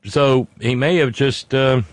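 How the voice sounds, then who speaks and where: A man's voice: medium pitch, fairly even intonation, takes it slowly, dry recording. A man hosting a comedy talk stream, reading viewer comments with sardonic, profane asides.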